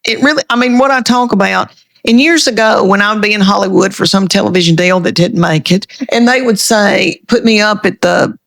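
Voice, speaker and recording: A middle-aged woman comedian with a thick Southern country accent, chatting folksy and animated in an interview. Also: medium pitch, brisk, gravelly. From American South. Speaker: comedian guest. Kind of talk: casual interview chat.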